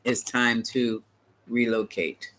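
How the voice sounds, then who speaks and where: A man's voice: medium pitch, slow, a little hiss or hum, poor audio. Chatty man reading tarot on a live stream. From United States. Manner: chatty, animated, talks back to viewers, laughs often. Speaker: tarot reader.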